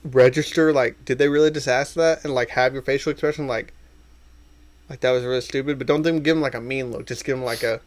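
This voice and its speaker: A young man co-hosting a podcast, chatting casually and acting out quotes in a jumpy, lively way. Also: brisk. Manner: animated storyteller, acts out quotes with pitch jumps. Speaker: podcast co-host. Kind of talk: casual chat.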